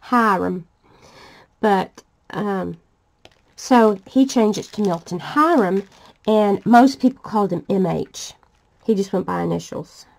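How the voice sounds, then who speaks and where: Chatty older woman with gravelly voice. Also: mid-range voice, a little slow, a little mellow. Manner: chatty, laughs often while telling family stories. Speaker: vlogger. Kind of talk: casual storytelling while crafting.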